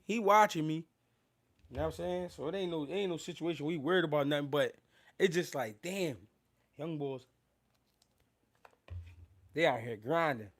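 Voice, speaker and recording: A man's voice: a little high, fairly bright tone. Loose-talking man hosting a live stream. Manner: loose, laughing, thanks viewers, slangy street talk. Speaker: boxing livestream host. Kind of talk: casual live-stream chat.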